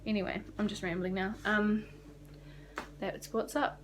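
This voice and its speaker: A woman's voice: medium pitch, steady tone, measured pace, slight background noise. A young woman from New Zealand with a New Zealand accent, rambling casually and swearing now and then in a vlog recorded in a small rented apartment. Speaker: vlogger.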